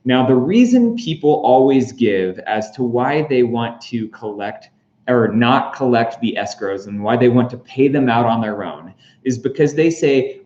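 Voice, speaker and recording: A man's voice: mid-range voice, expressive, a little slow, darkish tone. A man hosting a casual explainer vlog, chatty and full of fillers and jokey asides. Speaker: real estate explainer host. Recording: roomy, slightly dull recording.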